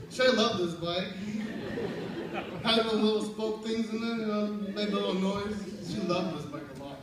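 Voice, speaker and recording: At a memorial service in a large room, a young man with a high voice shares stories in remembrance, laughing often and acting out what people said. He speaks at a normal speed. The hall is very echoey, he's far from the mic, and there's crowd and background noise.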